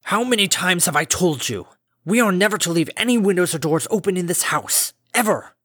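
A man's voice: mid-range voice, animated, normal speed, no echo, studio quality, lightly acted. A man voicing a stern old male pony farmer in a storybook reading, speaking with a scratchy, lethargic drone and formal curtness. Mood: scolding. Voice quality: scratchy, droning.

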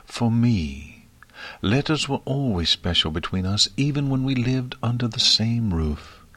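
A regal, ancient pony princess speaks softly and politely, put on by a man reading the story. The voice is lifted gently above his deep natural register. The sound is dry and close, with no room around it. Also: husky, no room sound, heavily acted. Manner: soft, polite and soothing. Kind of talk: audiobook fiction reading.

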